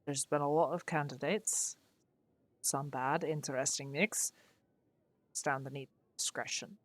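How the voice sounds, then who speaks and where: A woman's voice: sits low, animated, normal speed, pushed and bright, no echo. A woman doing a stern ship captain with a shaky accent. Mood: gruff. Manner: curt, probing questions in a put-on accent. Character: stern male ship captain interviewing recruits.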